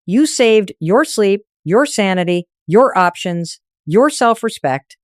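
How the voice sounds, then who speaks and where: A woman's voice: medium pitch, animated, slow pace, no echo, clean studio sound. A woman delivering a scripted motivational monologue on relationships, direct and emphatic in punchy short sentences. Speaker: relationship advice speaker.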